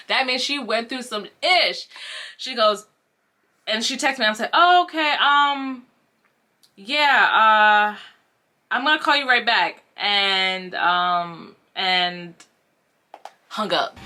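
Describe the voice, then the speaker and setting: A young woman telling a casual storytime vlog, animated and acting out the voices of the people she quotes. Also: medium pitch, slow. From Haitian family. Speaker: vlogger.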